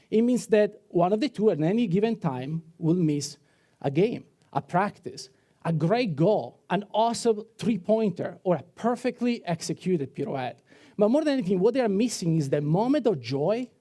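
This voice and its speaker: A man with an Italian accent delivers a startup pitch in an animated, self-deprecating way. His voice sits high yet sounds mellow and soft-edged. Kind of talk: demo day pitch.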